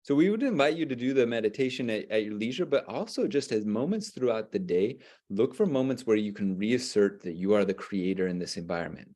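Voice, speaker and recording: A middle-aged man co-hosting a podcast, talking in an enthusiastic, energetic way, with frequent restarts. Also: lowish voice, fairly quick, hardly any pauses. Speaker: podcast co-host. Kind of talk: casual chat.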